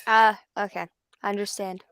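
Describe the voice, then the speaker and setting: A woman co-hosting a wrestling live stream in casual chat, slow and deadpan. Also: mid-range voice, clear, resonant tone, no room sound.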